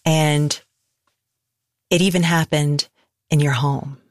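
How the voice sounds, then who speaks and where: An interviewer with a mid-range voice asks calm, reflective questions. The sound is dry and close, with no room echo. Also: mid-range voice, takes it slowly. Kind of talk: interview questions and reading excerpts.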